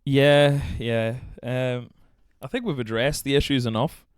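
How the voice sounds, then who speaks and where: A man's voice: medium pitch, fairly even intonation, unhurried, clean tone, dry recording, clean studio sound. A man hosting a podcast, chatting casually with a guest, laughing often, swearing and poking fun at himself. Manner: laughing, swearing, self-mocking. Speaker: podcast host. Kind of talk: casual chat.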